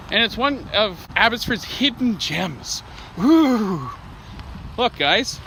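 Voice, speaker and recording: A man's voice: sits high, sharp tone, slight background noise. A young man vlogging casually while out and about, joking and rambling in a chatty way. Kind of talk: casual vlog chat.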